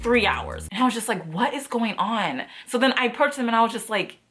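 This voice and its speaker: A woman's voice: fairly high pitch, fast talker, faint music behind. A young woman vlogger telling a story in a casual, exasperated way, full of "like" and replayed quotes. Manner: exasperated, animated, heavy use of "like".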